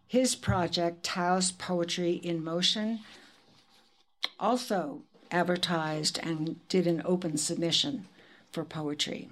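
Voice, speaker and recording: A woman hosts a poetry event, introducing poets in a chatty, informal way. She drops in fillers and small asides, her voice pitched a little low. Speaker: event host. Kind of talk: introducing speakers at a reading.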